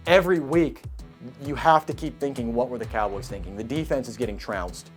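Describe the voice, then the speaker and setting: A man hosting his own sports show, breaking down upcoming games in an energetic, emphatic way and repeating key points. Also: medium pitch, brisk, soft background music. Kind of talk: sports preview talk.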